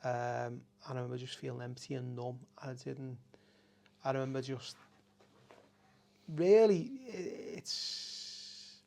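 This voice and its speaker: In a slow, warm, gravelly mid-range voice with fairly even intonation and frequent pauses, a middle-aged Liverpool café owner tells candid stories as a podcast guest. He is raw and emotional, swearing a lot and breaking off to restart sentences. A little hiss or hum sits under the recording.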